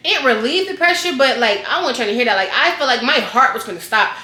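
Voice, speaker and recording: A woman vlogger telling a storytime in a casual, slangy way, animated and acting out scenes. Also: a little high, quick pace. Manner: animated, slangy, acts out scenes with loud yells. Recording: echoey room.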